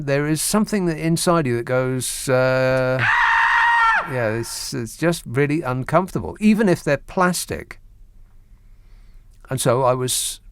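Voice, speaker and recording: A man's voice: mid-range voice, no echo. Male radio host, middle-aged, dry studio mic, wry and rambling with mock outrage. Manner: wry, rambling, mock-indignant rants with hesitant restarts. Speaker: radio talk show host. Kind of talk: late-night radio phone-in chat. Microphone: studio microphone.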